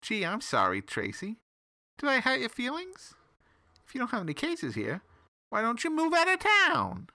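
A man's voice: very high-pitched, wildly swooping pitch, normal speed, vocal fry, pushed and bright, no room sound, pitched above the performer's own voice, heavily acted. A man voicing a smug, teasing male salamander detective who drawls out his mockery in a sing-song way. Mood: mocking.

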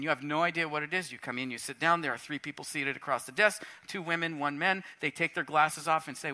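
A middle-aged man preaching a sermon in a church, animated and swinging between quiet talk and shouts. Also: on the high side, a little fast, few pauses. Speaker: pastor. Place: church sanctuary.

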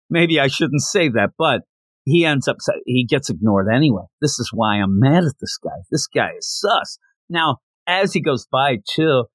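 A podcast host with a slightly high, somewhat bright voice recaps a comic chapter in a chatty, slangy style, reading the characters' lines aloud. The recording is dry.

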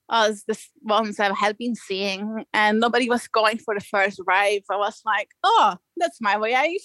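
This guest surfer, a young Belgian woman with a fairly high voice, relates a surfing story in relaxed talk, lively and full of laughter as she performs the quotes. There's no room sound, and the recording is rough.

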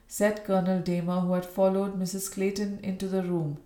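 A woman narrating a Victorian novel in a measured, even way. Her voice sits at a middle pitch. The recording carries a roomy echo. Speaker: audiobook narrator.

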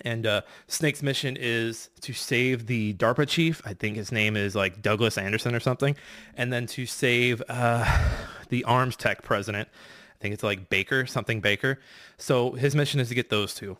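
Recapping a game for a podcast he competes on, this man rushes along casually, swearing, rambling and full of fillers and false starts. He speaks at a moderate pace with a medium pitch and fairly bright tone.

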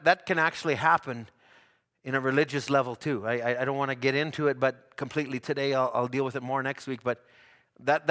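A male pastor preaches with fervor, his voice pitched high and bright. He stumbles into quick repeats, then surges to shouts. The sound carries a long hall reverb, as if recorded in a church sanctuary. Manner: fervent preaching, stammering repeats, climbs to shouts. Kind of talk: sermon.

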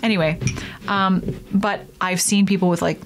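Brief: young woman, podcast host, chatty and animated, casual solo talk. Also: mid-range voice, moderate pace. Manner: chatty, animated, acts out silly voices in quotes.

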